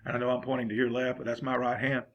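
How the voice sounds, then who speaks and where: A man's voice: medium pitch, completely flat delivery, fast, dull audio. A man, giving a folksy, rambling football coaching lesson.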